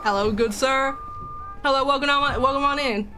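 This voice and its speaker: A woman's voice: high-pitched, normal speed, background noise. A young woman streamer chatting casually with her viewers while playing a game, giggling and joking. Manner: chatty, giggly, talks to chat. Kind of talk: casual gaming commentary.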